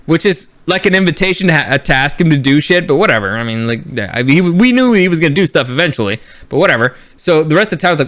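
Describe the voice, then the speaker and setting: A man with a high voice and a sharp, bright tone reviews a show in a casual, excited monologue. He swears freely and slips into quick paraphrased dialogue to act out what happens on screen. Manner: animated fan enthusiasm.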